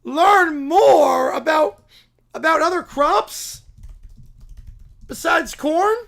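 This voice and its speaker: A man playing a goofy young man who shouts the same corn pun catchphrase again and again, in a comedic read-aloud. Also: very high voice, very slow, gravelly, heavily acted. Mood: goofy, shouting.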